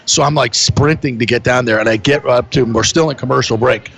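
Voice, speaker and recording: A sports talk host with a gravelly edge to his voice, spinning an animated story. He jumps into quick impressions of the people he talks about, in a casual, chatty way. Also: mid-range voice. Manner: animated storyteller, acts out quotes.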